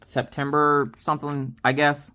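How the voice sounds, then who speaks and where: A middle-aged woman hosting a casual chat vlog, telling stories to her viewers in an animated, exasperated way. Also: sits low, measured pace. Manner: animated, exasperated storytelling addressing viewers as y'all. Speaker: crafting vlog host.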